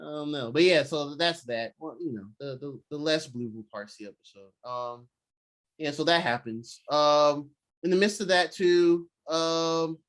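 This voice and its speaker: Young man, podcast co-host, slightly high voice, casual rambling recap, slangy. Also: moderate pace, a bit bright. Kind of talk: casual chat.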